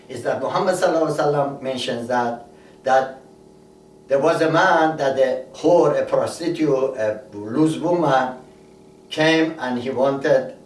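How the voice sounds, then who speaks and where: A man delivers a sermon, retelling a story at a middling pitch and leaning on repeated words. He stands a little away from the microphone. The room rings with echo, and a faint ambient hum sits behind him. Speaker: preacher. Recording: echoey room, voice a bit far from mic, faint ambience.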